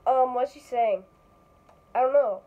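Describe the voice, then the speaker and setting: A woman chatting excitedly during a casual game role-play, with frequent exclamations, on a dull lo-fi recording. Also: high-pitched, a little slow.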